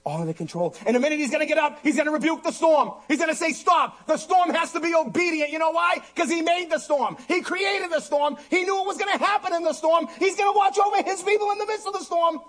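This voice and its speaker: A man preaching a sermon as pastor, impassioned and repetitive, swinging between loud urging and hushed intensity. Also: very high-pitched, fast talker, few pauses. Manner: repeats phrases for emphasis.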